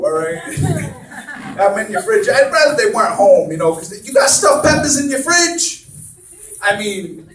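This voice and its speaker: A man's voice: high voice, sing-song, moderate pace, fairly bright tone, faint music behind. A man doing a stand-up comedy set, rambling and self-deprecating, with lots of fillers and restarts. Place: comedy club stage. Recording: roomy club sound from a distance, crowd laughter.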